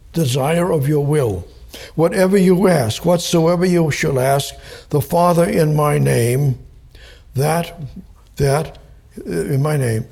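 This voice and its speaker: A man teaching the Bible verse by verse, slow and deliberate, spelling out and repeating key words. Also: on the high side, gravelly, mellow, breathy edge.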